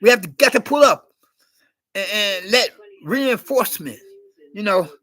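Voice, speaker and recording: A man acting out a panicked male soldier under fire, yelling frantic orders for a helicopter. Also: high voice, lively intonation, measured pace, exaggerated voice. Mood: urgent.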